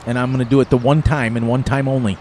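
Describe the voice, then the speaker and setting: An older man in his sixties, from the eastern United States, talks through a farming game in a loose, rambling way. His voice sits at a medium pitch, and he chuckles at his own jokes. Faint outdoor noise hums behind him. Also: little pitch movement, quick pace, darkish tone. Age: 60s. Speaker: gaming streamer. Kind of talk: casual gameplay commentary.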